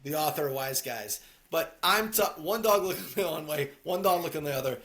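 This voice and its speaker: A man co-hosting a casual movie podcast, talking from an airplane over earbuds and loudly acting out quotes. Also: on the high side, brisk. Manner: animated, acts out quotes loudly. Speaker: podcast co-host. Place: airplane cabin.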